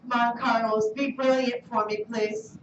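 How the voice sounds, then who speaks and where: High-voiced woman teaching a class. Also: flat delivery, a little slow, slight background noise. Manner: questioning, coaxing students. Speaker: Spanish teacher. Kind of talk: classroom lesson. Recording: roomy, distant, dull classroom recording.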